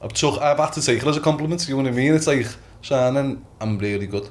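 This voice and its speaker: Animated young man telling stories. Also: fairly high pitch, racing. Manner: animated storytelling, acts out quotes, swears, repeats "you know what I mean". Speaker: guest boxer. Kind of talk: casual podcast chat.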